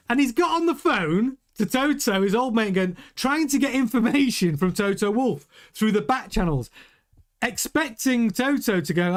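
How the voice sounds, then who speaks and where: A man hosting a casual motorsport news commentary, animated and jokey, often laughing. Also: high-pitched. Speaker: news host.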